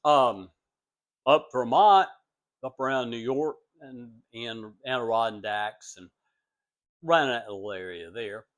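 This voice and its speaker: Slow-talking man with a wildly swinging voice. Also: sing-song. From United States. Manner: rambling, acts out quoted voices with big pitch jumps. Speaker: vlogger telling family stories. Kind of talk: casual storytelling monologue.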